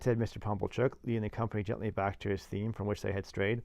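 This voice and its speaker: A man's voice: fairly low pitch, steady tone, fast, vocal fry, hardly any pauses, darkish tone, no room sound. A man reading a classic novel aloud as narrator, with dry, wry asides.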